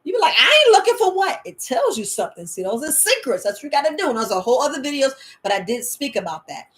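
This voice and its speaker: Animated chatty woman herbalist. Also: sits high, fast, a little hiss or hum. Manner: animated, loose and chatty, swings loud and soft. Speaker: herbalist vlogger. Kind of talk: casual motivational talk.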